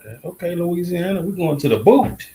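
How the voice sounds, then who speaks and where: A man's voice: sits high, expressive, brisk, dark tone, low-quality recording. A man with a Cajun accent talking on a podcast in a laid-back, easygoing way, often restarting his sentences. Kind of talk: casual chat.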